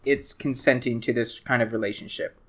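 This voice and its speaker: A man's voice: mid-range voice, fairly even intonation, a little fast, over a noisy crowd. A young man hosting a podcast, chatting casually and joking, laughing often. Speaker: podcast host. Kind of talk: casual chat.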